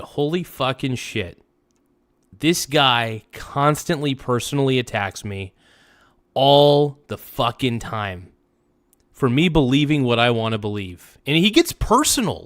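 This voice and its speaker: Male streamer, mid-pitched, upset, profane, rambling rant with sudden spikes. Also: a bit bright. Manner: heated, profane, repeats himself, swings between muttering and outbursts. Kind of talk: angry live-stream rant.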